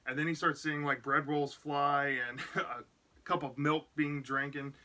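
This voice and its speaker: A man's voice: fairly high pitch, flat delivery, measured pace, bright, forceful tone. A man casually retelling a book's plot as a reviewer, rambling with lots of "like" and "you know". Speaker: book reviewer.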